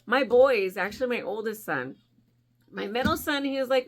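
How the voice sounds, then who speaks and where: A woman in her forties, a crafting vlogger, telling a long rambling story in a chatty, animated way and laughing often. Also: on the high side, moderate pace. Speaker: crochet vlogger.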